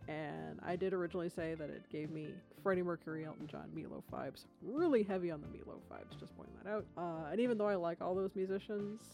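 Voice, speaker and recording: Gravelly-voiced woman in casual podcast chat. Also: lowish voice, fast talker, few pauses, mellow, soft background music. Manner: chatty, self-deprecating, swears casually. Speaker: podcast co-host. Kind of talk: casual chat about music.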